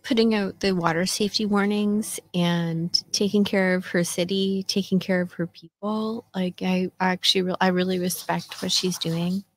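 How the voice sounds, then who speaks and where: A woman in her fifties hosts a casual solo podcast, chatting in a self-mocking way with lots of fillers. Her voice is lowish and level in tone, at a normal speed with hardly any pauses.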